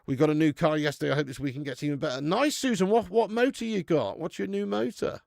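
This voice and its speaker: Calling a football match live on his fan channel, this twentysomething man is noisy and excitable, cursing openly and trading banter with chat at a quick pace. His voice sits high with some gravel to it, captured close-up with no room sound.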